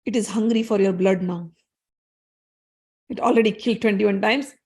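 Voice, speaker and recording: A woman's voice: mid-range voice, moderate pace, a little mellow, natural voice. A woman voicing a furious older male warrior-sage who scolds and threatens in a storytelling retelling. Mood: angry. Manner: scolding, accusing.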